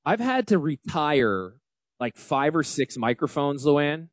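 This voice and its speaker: A man in his forties with a Northern US accent, hosting a radio talk show on financial planning. He talks loudly and energetically, joking and yelling into a close mic. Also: a little high, big pitch swings, slow, dry recording. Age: 40s. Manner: loud, yelling. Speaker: financial advisor radio host. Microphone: close studio mic.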